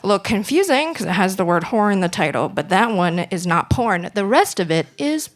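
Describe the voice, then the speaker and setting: A young woman performing a stand-up set on a club stage, dry and deadpan with bursts of laughter. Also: medium pitch, fairly quick. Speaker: stand-up comedian.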